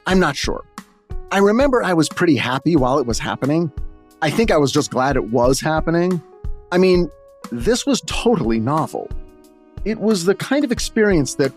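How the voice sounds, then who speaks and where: A man hosting his own show, reading a scripted comic memoir in a deadpan, self-deprecating way. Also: medium pitch, moderate pace, faint music behind. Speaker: host and screenwriter.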